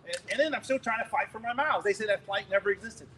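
A middle-aged male preacher telling a story in a sermon, animated and laughing, acting out scenes loudly. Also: high voice, very fast, a little hiss or hum, poor audio.

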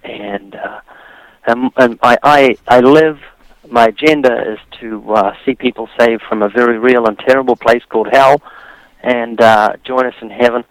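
A man's voice: mid-range voice, steady tone, moderate pace, dry recording, poor audio. A man from New Zealand with a New Zealand accent, a radio interview guest who tells his story with dry humor.

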